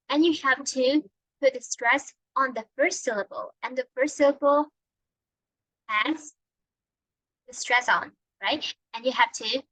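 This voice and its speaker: Teaching English to a student over video call through a computer mic, a Vietnamese-accented woman stays patient and frequently confirms comprehension. She has a slightly high voice with a sharp tone, captured in a dry, rough recording.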